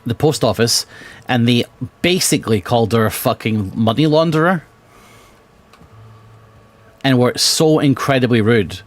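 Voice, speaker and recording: A British man streaming a video game, chatting casually and swearing, swinging between muttering and bursts of excitement. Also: mid-range voice, measured pace, long pauses. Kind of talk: casual gameplay chat.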